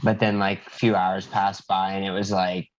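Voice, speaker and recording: Relaxed young male co-host, low and monotone delivery, casual fillers; lo-fi podcast audio. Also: moderate pace. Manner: laid-back, drops "you know what I mean". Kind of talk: casual chat.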